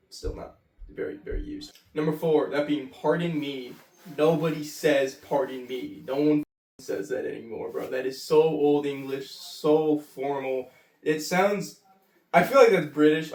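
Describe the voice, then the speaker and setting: A man's voice: fairly high pitch, a little mellow. A young American man in his twenties, explaining everyday English phrases in a loose, chatty way full of fillers and asides. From United States. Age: 20s. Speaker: English tutor. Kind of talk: casual spoken explainer. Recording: roomy sound, voice from a distance.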